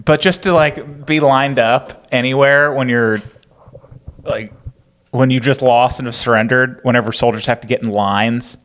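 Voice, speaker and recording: A man's voice: medium pitch, steady tone, normal speed, fairly bright tone. A man co-hosting a casual history podcast, bantering easily and often saying "like". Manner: easygoing, chuckling banter, lots of "like". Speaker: podcast co-host.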